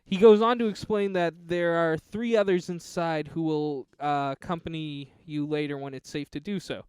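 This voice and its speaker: A man's voice: a little high, steady tone, moderate pace, a little mellow, smooth, dry recording. Man reading a text game aloud. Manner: reads game text aloud with laughing asides. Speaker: podcast co-host. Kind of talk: casual podcast chat, reading out a text game.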